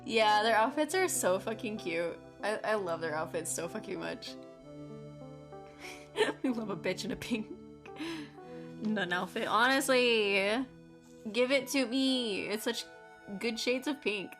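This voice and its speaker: A woman's voice: mid-range voice, expressive, measured pace, long pauses. A young woman streaming a game, making crude, swearing, joking asides between the dialogue. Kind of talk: casual gameplay commentary. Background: game music.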